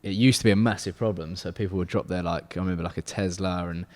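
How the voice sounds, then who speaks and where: A man's voice: low voice, fairly even intonation, fast talker, a little mellow. A man of twenty, hosting a casual podcast chat and rambling with lots of fillers and restarts. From England. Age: 20s. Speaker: podcast host, car detailing business owner. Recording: long hall reverb.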